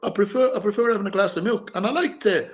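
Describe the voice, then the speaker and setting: Speaking high and fast, this Irish guest, an ex-boxer who also worked as a bodyguard, talks through his life in a relaxed interview with an accent blending Irish and English. He's earnest and long-winded, circling back on phrases and starting sentences over.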